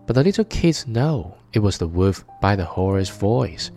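A man narrating a fairy tale aloud in a measured, expressive storytelling manner. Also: fairly low pitch, faint music behind.

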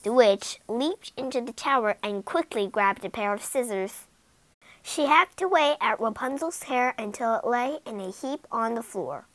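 A woman narrating a fairy tale in an expressive, dramatic storytelling manner. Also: on the high side, normal speed, no echo, poor audio.

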